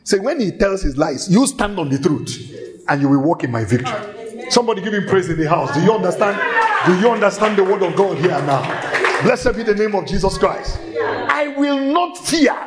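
A man preaching a sermon in a church, emphatic and shouting at times, repeating phrases rhythmically and laughing between lines. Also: sits high, animated, moderate pace, a crowd in the background. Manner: shouting, emphatic, with sudden exclamations.

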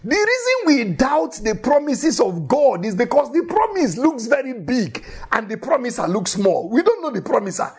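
A man's voice: very high-pitched, sing-song, moderate pace, hardly any pauses, slightly rough. A man preaching a sermon in an emphatic way, repeating key phrases for effect and telling Bible stories with animation.

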